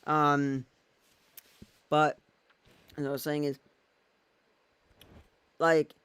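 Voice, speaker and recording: A man's voice: fairly high pitch, little pitch movement, extremely slow, fairly bright tone, clean tone, no room sound. A man vlogging in a casual, rambling way, thinking aloud as he goes. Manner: thinks aloud while using his phone and laptop, meandering.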